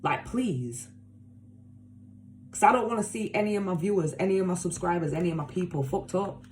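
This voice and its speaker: A woman's voice: on the low side, lively intonation, brisk, a little hiss or hum. A woman giving a casual tarot reading to her viewers, talking emphatically and bluntly, swearing, repeating herself and caring. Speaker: tarot reader.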